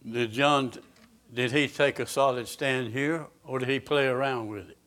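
A man's voice: mid-range voice, steady tone, a bit bright. A man preaching a sermon, reading scripture aloud with emphasis and asking his listeners direct questions. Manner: slow, emphatic scripture reading with rising intensity; asks the congregation direct questions.

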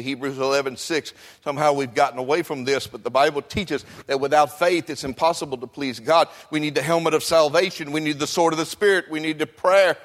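An older man preaching a sermon, swinging between quiet talk and shouting. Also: medium pitch. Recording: long echo of a large hall.

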